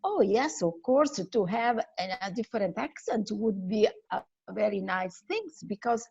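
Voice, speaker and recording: A woman's voice: medium pitch, lively intonation, moderate pace, vocal fry, a little mellow, breathy edge, dry recording, muffled recording. A woman from Italy whose first language is Italian, sharing thoughtful views in a casual English practice chat. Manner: thoughtful, repeats words while finding phrasing. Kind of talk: casual group conversation. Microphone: video call.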